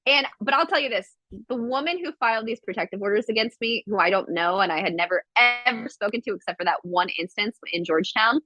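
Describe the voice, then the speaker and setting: A woman guest on a podcast, telling a story in casual chat with lively quoted voices and blunt swearing. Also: mid-range voice, fast, no room sound, dull audio, soft background music. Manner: animated storytelling, acts out quotes; swears freely.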